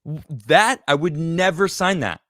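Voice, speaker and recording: A man hosting a casual political talk show, reading viewer comments and joking in an animated, emphatic way. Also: on the high side, a little slow, no room sound, clean studio sound. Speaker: podcast host reading super chats.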